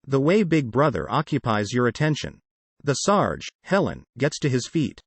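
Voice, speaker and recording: Man narrating an audiobook, lively pitch. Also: normal speed, gravelly, slightly rough, dry recording. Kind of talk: first-person novel narration.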